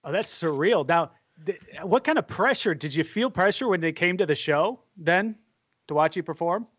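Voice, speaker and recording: A man hosting a relaxed sports-and-comedy chat breaks in with short follow-up questions. His voice is a little high. He keeps things light and brief. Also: moderate pace. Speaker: podcast host. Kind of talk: casual interview.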